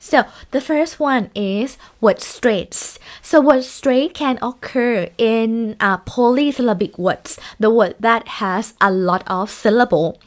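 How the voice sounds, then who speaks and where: A woman teaching a lecture, speaking in halting sentences with many fillers and restarts. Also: on the high side.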